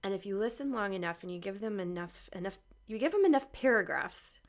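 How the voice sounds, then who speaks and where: A woman's voice: mid-range voice, animated, brisk. A woman hosting a podcast interview, speaking in a heartfelt, candid way. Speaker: podcast host. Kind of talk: conversational interview.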